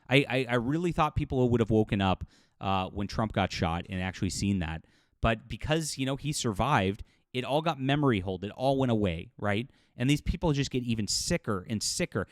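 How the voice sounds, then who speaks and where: A man's voice: medium pitch, sing-song, brisk, no echo, studio quality. A man hosting a commentary video, talking in an agitated, indignant rant with frequent restarts. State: livid. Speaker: commentary host. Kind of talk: angry commentary monologue.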